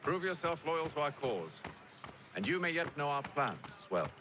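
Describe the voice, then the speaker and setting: Game role: commanding leader, curt and controlled, lively pitch, noisy game audio. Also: male voice, moderate pace. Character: cool, commanding male leader.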